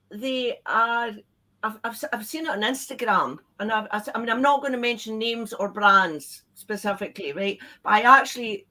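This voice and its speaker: A woman hosting a casual live chat, talking quickly and in an animated way, and often trailing off mid-sentence. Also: fairly high pitch. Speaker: host.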